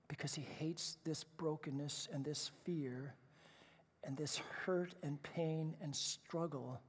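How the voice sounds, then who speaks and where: A male pastor preaches with a fairly high voice, talking conversationally and tripping over repeated words. He drops to near hushes and then builds to loud, emphatic stretches. The sound rings with the long reverb of a church hall. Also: slightly rough. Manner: conversational, with repeated false starts. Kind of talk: sermon. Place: church sanctuary.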